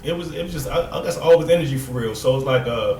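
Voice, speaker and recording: A man's voice: medium pitch, quick pace, darkish tone. A man telling laid-back, profane stories as a podcast guest, acting out what people said. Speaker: guest, store owner. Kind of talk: casual storytelling. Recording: roomy echo, mic at a distance, faint noise.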